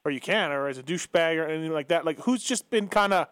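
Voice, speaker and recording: A man's voice: a little high, quick pace, fairly bright tone, clean tone, no echo. A man hosting a podcast in easygoing casual chat, asking questions and saying "yeah" often. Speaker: podcast host.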